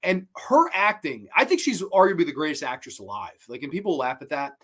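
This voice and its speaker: A man hosting his own show, casually reviewing a horror film, excitable and swearing freely, with many fillers and repeated words. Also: fairly high pitch, a little fast, breathy edge.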